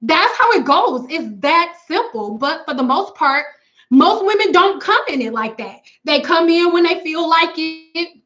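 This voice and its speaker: A woman's voice: very high-pitched, big pitch swings, a little slow, a bit bright, dull audio. A woman hair stylist chatting casually on a live stream with viewers, talking in a blunt, frank and slangy way. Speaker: natural hair stylist and consultant.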